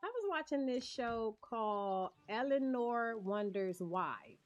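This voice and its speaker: Faint music plays behind a woman's slightly high, lively voice as she slowly chats and laughs with viewers during a cozy game stream. The sound quality is dull and lo-fi.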